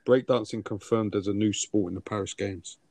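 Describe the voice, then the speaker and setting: A man's voice: fairly low pitch, fairly even intonation, brisk, a little mellow, no echo. A man co-hosting a podcast, chatting casually and teasing his co-host. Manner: banter, swearing, teasing. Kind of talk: casual chat.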